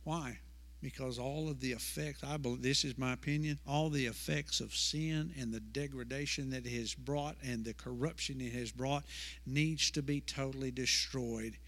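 A man's voice: mid-range voice, fairly even intonation, moderate pace, a bit bright. A male pastor preaching a sermon in a church, emphatic, repeating words and asking rhetorical questions. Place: church sanctuary. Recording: long hall reverb.

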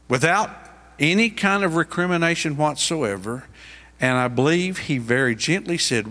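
A man's voice: medium pitch, lively intonation, unhurried, pauses often, bright, forceful tone. A middle-aged male pastor preaching a sermon, pressing his points with rising, emphatic questions.

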